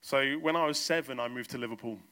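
A man's voice: mid-range voice, fast, bright, forceful tone, clear, resonant tone. A man from the south coast of England, a pastor preaching a sermon in church and telling stories with acted-out exchanges. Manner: storytelling, acts out exchanges in quoted voices.

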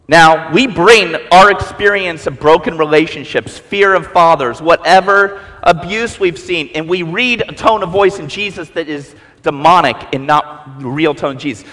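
A male preacher giving a sermon as animated storytelling, acting out the voices of the people in his story. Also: on the high side, moderate pace, few pauses. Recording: long reverb in a large hall.

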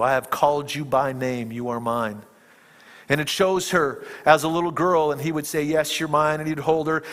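Man preaching in a reverberant hall. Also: on the high side. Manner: dramatic storytelling, dropping to hushed tones and rising to emphatic peaks. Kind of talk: sermon retelling a film scene.

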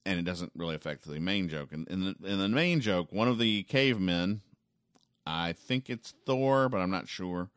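A man with a very low, deep voice rambles through the weekend funnies with a dry, sarcastic wit. He trips over his words and leans on fillers as he goes. The sound is close and dry, with no room around it. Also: animated, moderate pace, fairly bright tone, no room sound. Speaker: comics reviewer. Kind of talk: casual spoken commentary.

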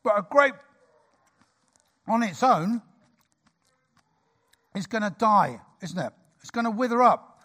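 A man in his sixties preaching a sermon in a church, lively, jokey and conversational. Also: sits high, slow pace, long pauses. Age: 60s.

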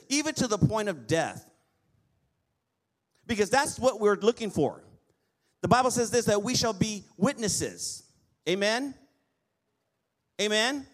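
A male pastor preaching a lively sermon, often asking the congregation for an amen. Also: high-pitched. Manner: lively preaching with call-and-response amens.

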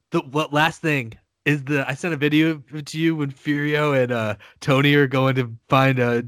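A man co-hosting a podcast in casual chat, relaxed and wry as he explains references. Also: medium pitch, no echo, clean studio sound. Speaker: podcast co-host.

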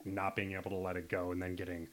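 A man's voice: low voice, completely flat delivery, fast. A man in casual podcast conversation, talking in a rambling, frank way and swearing now and then.

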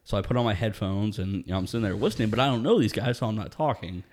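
A laid-back man with a lowish voice, telling a story over casual chat, swearing freely and often laughing at his own tale. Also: expressive, racing, darkish tone.

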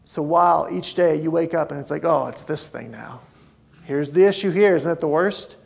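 A man preaching a conversational sermon as a pastor, swinging between loud outbursts and hushed asides. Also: a little high, moderate pace, creaky, husky.

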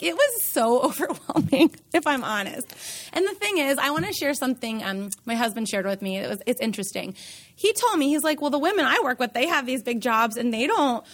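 A high-voiced woman in her thirties, a guest on an interview. She speaks candidly and emotionally, wearing her feelings openly and laughing easily as she tells her story. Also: a bit bright. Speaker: guest, founder and CEO.

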